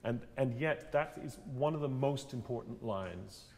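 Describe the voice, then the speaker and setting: A man's voice: medium pitch, unhurried, creaky, a little hiss or hum. A man leading a singing masterclass, coaching a student and acting out lines as he goes. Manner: animated, demonstrates lines by half-singing them. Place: theatre stage. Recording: long hall reverb.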